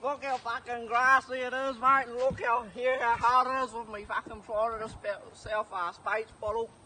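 A man playing a crude, rambling bogan giving a mock cricket pitch report, swearing constantly, outdoors on a cricket ground. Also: flat delivery, normal speed. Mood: boastful. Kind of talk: comedic mock sports report. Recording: noisy outdoor recording.

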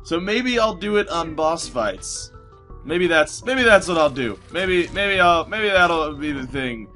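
A man's voice: a little high, lively intonation, a little slow, sharp tone, soft background music. A man narrating his video game run, rambling and chatty as he plays, full of fillers and restarts. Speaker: gaming YouTuber. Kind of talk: let's play commentary.

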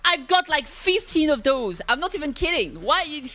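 A young woman streamer reacting loudly to game pulls, talking to the screen and shouting when things go wrong. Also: high-pitched, moderate pace. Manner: excitable, yells at the game. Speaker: gaming streamer.

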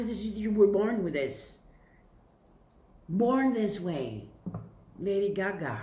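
A tarot reader with a mid-range voice takes her time, speaking unhurriedly with long pauses and wide pitch swings. Her reading to camera is casual, playful and chatty, full of rhetorical questions she answers herself, recorded in an echoey room with faint hiss.

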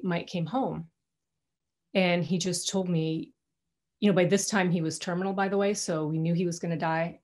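A middle-aged woman speaks candidly to an alumni audience over a video call from her home. Her voice sits on the low side, and her talk is conversational, often breaking off and restarting mid-sentence. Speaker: guest speaker.

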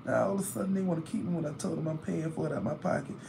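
A man chats on a phone live stream from a hospital room. He sounds tired, with a gravelly edge to his voice. He vents and complains freely while a faint hiss sits under the recording. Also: on the high side, very fast. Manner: chatty, vents and complains loudly about hospital bills. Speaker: livestreamer reading comments. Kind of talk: casual live stream chat.

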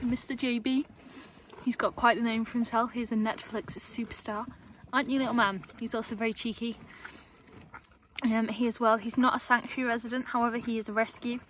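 With a mid-range voice and some slight background noise, a young stable staff member leads a walking tour of a horse yard. She chats and rambles casually, cooing at the animals along the way.

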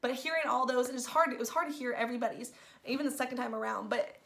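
Excitable woman gushing in a movie review. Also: on the high side, fast, gravelly. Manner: gushing, excitable, says "like" constantly. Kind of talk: casual spoiler review.

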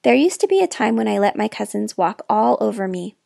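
A woman reading a children's novel aloud in expressive first person, with dramatic hushed moments, close to the mic. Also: mid-range voice, fairly quick, gravelly, dry recording. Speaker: storyteller. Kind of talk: children's book read-aloud.

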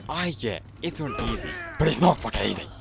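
A young man talking over a video game, cursing and venting his frustration in quick outbursts. His voice sits at an ordinary pitch for a man. A clear hiss of noise runs under the recording. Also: big pitch swings. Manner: swears a lot, exasperated outbursts. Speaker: gaming channel host. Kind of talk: frustrated gameplay commentary.

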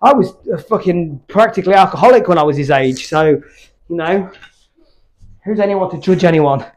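British guy rambling between sets in his home gym, pretty high voice, swears a lot, very candid. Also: lively intonation, normal speed, a little mellow. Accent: British English. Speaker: fitness YouTuber. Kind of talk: casual chat between workout sets.

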